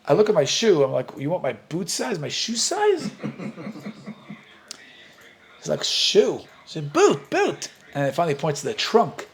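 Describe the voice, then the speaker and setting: A middle-aged man with an American accent, a rabbi telling lively stories while teaching a Talmud class and acting out the dialogue. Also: a little high, a little fast, hardly any pauses, slight background noise. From United States. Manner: animated storyteller, acts out dialogue, laughs often.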